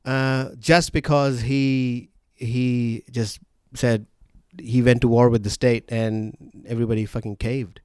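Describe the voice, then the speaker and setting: A man hosting a casual podcast, telling stories in a rambling way with fillers and quick laughs. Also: mid-range voice, level tone, darkish tone, clear, resonant tone, no echo, studio quality. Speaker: podcast host.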